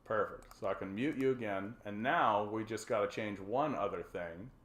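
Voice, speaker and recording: A Canadian man hosts a casual call-in livestream, rambling and joking with plenty of swearing, fillers and restarts. His voice is fairly low and fairly bright, at normal speed, and the room is echoey.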